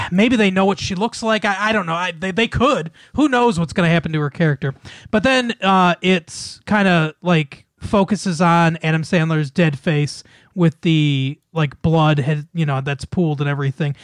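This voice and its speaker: A man with a fairly high voice rambles through a film's plot in loose, profane chat. He stumbles over words, leans on fillers and laughs as he goes. The sound is dry and close, with no room around it. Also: no echo. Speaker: podcast co-host recapping a film. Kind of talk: casual chat.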